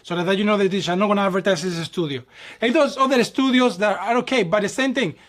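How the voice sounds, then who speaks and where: A young ballet dancer from New York hosts his channel in a fast, high, slightly bright voice. The chat is casual and animated, with acted-out dialogue and viewers addressed as "my people."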